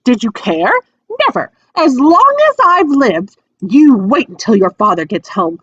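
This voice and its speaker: A woman's voice: wildly swooping pitch, normal speed, no echo, recorded from a distance. Woman voicing a fierce scolding mother witch. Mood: furious. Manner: shrill, shouting tirade. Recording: dry, dull lo-fi sound.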